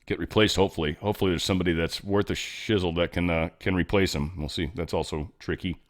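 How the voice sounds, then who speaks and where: A man's voice: low-pitched, fairly even intonation, fast. A man hosting casual political commentary, rambling, profane and sarcastic, with mocking asides.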